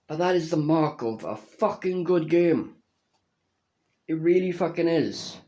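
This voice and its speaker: A young man casually reviewing a video game, slow and halting, swearing constantly and restarting his words, earnest and emotional. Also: a little high, lively intonation, warm tone.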